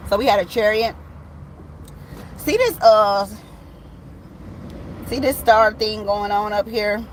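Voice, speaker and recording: A woman's voice: medium pitch, slow pace, a little hiss or hum, low-quality recording. A woman, giving a casual tarot reading to camera and talking bluntly and animatedly straight to her viewers, swearing freely. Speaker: tarot reader.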